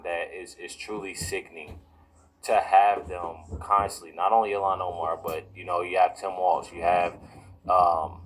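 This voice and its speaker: A man's voice: deep voice, rough recording. A man giving casual reaction commentary to his viewers, talking in a repetitive way and leaning on "you know" and "y'all". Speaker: political commentary vlogger.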